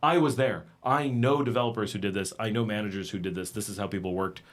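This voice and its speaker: A man hosting a casual livestream, talking in a conversational, animated way and acting out exasperated quotes. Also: fairly low pitch, fast. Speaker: livestream host. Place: home in Nicaragua.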